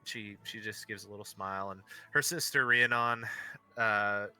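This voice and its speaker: A man narrating as game master, rambling and halting with many fillers. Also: fairly low pitch, pushed and bright, clear, resonant tone, faint music behind.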